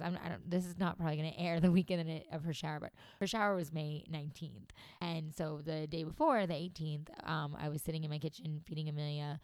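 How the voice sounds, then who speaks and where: A woman's voice: deep voice, a little mellow, no echo. A young woman hosting a podcast, talking casually and gushing, with many "like"s and fillers. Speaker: podcast host. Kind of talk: casual monologue.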